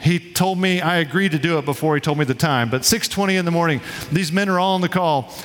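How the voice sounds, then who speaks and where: A man preaching a sermon to his congregation in a relaxed, conversational way, telling stories and acting out quotes. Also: a little high, fast talker, big-room sound. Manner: conversational, storytelling with quoted voices. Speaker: pastor. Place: church sanctuary.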